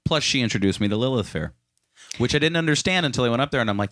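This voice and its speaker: A man's voice: rapid-fire, dry recording, studio quality. A man hosting a podcast, chatting casually and animatedly, often breaking into laughter. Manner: animated, laughing, jumps to high pitch when amused. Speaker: podcast host. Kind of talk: casual chat.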